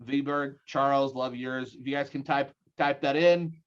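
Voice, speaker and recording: A man in his forties with a Utah accent, giving an energetic seminar talk and rallying his listeners with questions. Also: medium pitch, moderate pace, smooth, lo-fi sound. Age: 40s. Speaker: guest speaker. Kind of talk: live seminar presentation.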